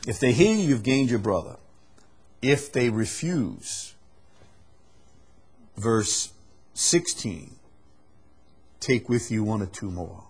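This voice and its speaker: A man's voice: medium pitch, big pitch swings, takes it slowly, long pauses, breathy edge. A male pastor preaching a sermon, earnest, repeating words as he explains scripture. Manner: earnest, repeats words, acts out quoted apologies.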